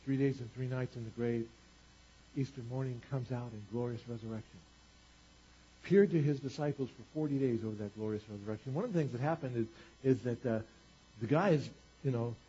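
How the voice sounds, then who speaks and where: Husky-voiced man preaching conversationally. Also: medium pitch, dull audio. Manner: conversational, retells scripture in casual paraphrase, varies loudness widely. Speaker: pastor. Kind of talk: sermon storytelling.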